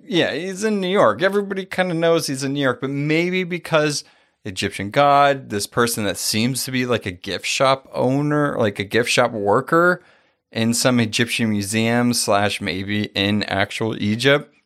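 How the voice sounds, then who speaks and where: A man co-hosting a podcast in casual chat, animated, often laughing, his pitch jumping high when excited. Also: moderate pace. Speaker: podcast co-host.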